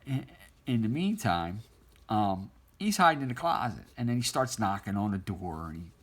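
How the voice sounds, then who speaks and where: A middle-aged man with a fairly low voice tells an old story while he draws. He rambles and restarts, and he laughs often as he talks. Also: sing-song, moderate pace. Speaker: artist drawing on stream. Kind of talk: casual storytelling while drawing.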